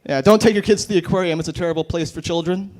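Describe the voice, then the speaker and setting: A man doing stand-up at an open mic night in a brewery, speaking into a handheld mic. His voice sits a little high. He delivers short one-liners in a dry, deadpan way. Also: rapid-fire. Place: brewery bar.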